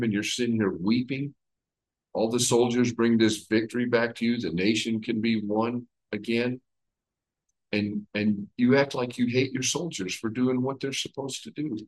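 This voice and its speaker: A man leading a conversational Bible study, retelling the story with lively everyday comparisons. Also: on the low side, low-quality recording. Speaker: Bible teacher.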